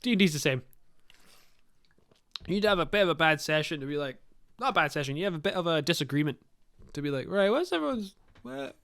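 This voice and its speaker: A man's voice: fairly high pitch, fast, long pauses, fairly bright tone, clear, resonant tone, no echo. A young man hosting a podcast, giving blunt, sweary, rambling advice to new dungeon masters in casual talk. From Scotland.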